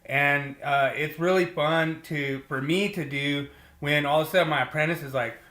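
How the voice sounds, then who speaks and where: A man co-hosting a casual podcast, chatty and animated as he retells arguments with colleagues. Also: a little high, normal speed, reverberant. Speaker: podcast co-host.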